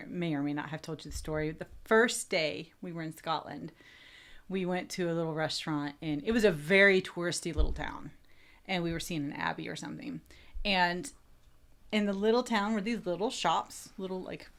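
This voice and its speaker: A woman hosting a talk show, chatting and telling stories in an animated way. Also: fairly low pitch. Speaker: host. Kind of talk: casual chat.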